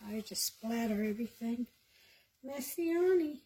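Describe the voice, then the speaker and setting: A woman's voice: high voice, takes it slowly. A woman home cook giving a casual cooking demonstration, chatting straight to her viewers.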